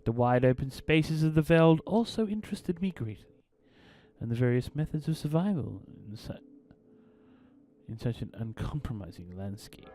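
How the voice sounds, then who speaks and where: Lively, playful game commentator man. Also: mid-range voice, moderate pace. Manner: playful, theatrical, reads game text in a storytelling tone. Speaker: gaming channel host. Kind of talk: let's play commentary and reading game text aloud.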